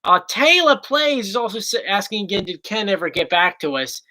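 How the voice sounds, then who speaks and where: A man's voice: high voice, very animated, a little fast, sharp tone, rough recording. A young man with a South Jersey accent, chatting casually as host of a livestream Q&A and reading viewer questions aloud. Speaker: YouTube host.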